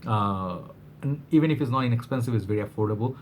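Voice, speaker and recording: A man's voice: medium pitch, quick pace, slight background noise. A man from Bangladesh reviewing a fragrance in a casual vlog, rambling with many fillers and restarts, his voice slightly worn.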